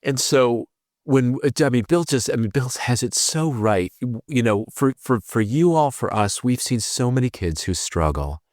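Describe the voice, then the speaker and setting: A man's voice: mid-range voice, expressive, darkish tone, no room sound, clean studio sound. A man, a podcast guest, telling a personal story in an earnest, teary way, often restarting his sentences. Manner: earnest, fast rambling with repeated restarts. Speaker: podcast guest, tutoring expert. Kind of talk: emotional conversational storytelling.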